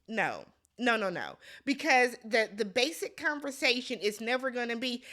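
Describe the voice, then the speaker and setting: A woman's voice: a little high, very animated, measured pace, fairly bright tone. A woman giving a blunt, exasperated casual recap commentary, talking straight to the viewer. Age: adult. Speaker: recap vlogger.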